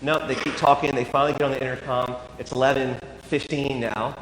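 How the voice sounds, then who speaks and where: Wry priest telling a story in echoey church. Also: male voice, medium pitch, little pitch movement, a little fast, noisy background. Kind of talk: sermon story. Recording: echoey church with long reverb.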